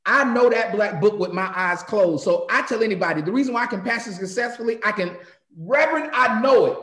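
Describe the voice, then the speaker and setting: This pastor from North Carolina talks in a high, ringing voice and tells stories with a preacher's rhythm. He sounds like he's in a roomy space with a lot of echo. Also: a little fast. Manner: animated storyteller, shifts into sermon cadence. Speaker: pastor, guest. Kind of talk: conversational interview, preacherly.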